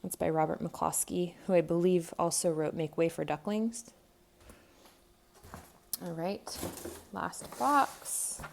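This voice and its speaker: A woman's voice: on the low side, slow, vocal fry, slight background noise. A woman in her thirties, a homeschool vlogger, chatting casually at home as she thinks aloud with frequent ums. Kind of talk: casual unboxing narration. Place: home, by a table with a tripod camera. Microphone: camera mic on a tripod.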